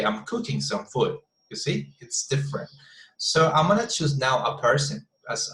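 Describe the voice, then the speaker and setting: A man's voice: mid-range voice, a bit bright, echoey room, low-quality recording. A male English teacher giving an online class, often restarting his phrases and checking in with "you see?".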